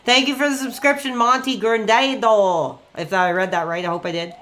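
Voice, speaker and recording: A man in his forties talks casually to his stream audience while gaming. His voice sits fairly high and rings bright and forceful. He rambles and gets worked up easily. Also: soft background music. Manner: excitable, rambling, quick to get worked up. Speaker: live streamer.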